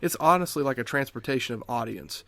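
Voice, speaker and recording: A young man with a middle-pitched voice co-hosts a podcast, recorded dry and close. He talks earnestly and mocks himself a little, building into a heated rant. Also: lively intonation, quick pace, vocal fry, pushed and bright, no echo. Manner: earnest, self-deprecating, ranting. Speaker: podcast co-host. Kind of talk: casual podcast chat.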